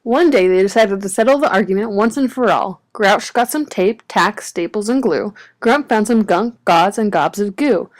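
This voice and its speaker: A woman reading a children's picture book aloud with an expressive, varied storytelling delivery. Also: medium pitch, normal speed, few pauses. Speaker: storybook reader.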